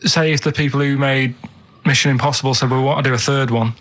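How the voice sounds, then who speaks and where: Deadpan man. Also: mid-range voice, fast. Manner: deadpan, rambling. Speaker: radio show regular. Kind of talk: casual radio banter.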